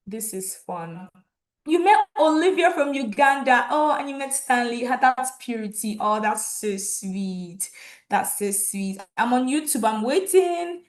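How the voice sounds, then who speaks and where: A woman's voice: a little high, lively intonation, unhurried. A woman hosting an online graduation ceremony over a video call, enthusiastically reading out viewers' comments and names. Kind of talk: lively live-stream hosting.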